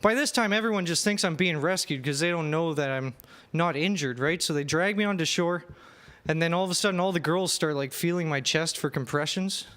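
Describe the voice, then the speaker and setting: A man's voice: on the high side, a little fast, a bit bright. A young man doing a self-deprecating stand-up set and emceeing, laughing through his lines, on a comedy club stage.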